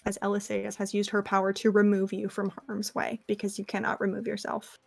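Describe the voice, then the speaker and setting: A woman's voice: medium pitch, completely flat delivery, brisk, gravelly, dry recording. A woman game master narrating a tabletop game with vivid description and frequent fillers.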